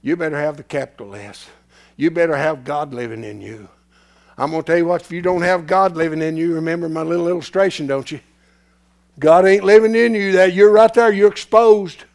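Raspy high-pitched preacher. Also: male voice, fairly quick. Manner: swings from hushed whisper to shouting; folksy, repetitive preaching. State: losing his voice. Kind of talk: sermon.

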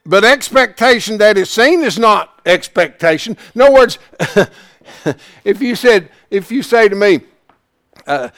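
A man preaching with a fervent, high-pitched voice that rises sharply when he gets excited. He repeats key phrases for emphasis, then drops into quiet, intimate storytelling. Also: measured pace. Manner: fervent, swings from hushed to excited. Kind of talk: sermon.

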